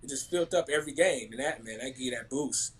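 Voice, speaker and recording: A man, a former basketball player telling animated stories in a casual chat. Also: medium pitch, fast talker, rough recording. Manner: animated storyteller, laughs often, acts out quotes.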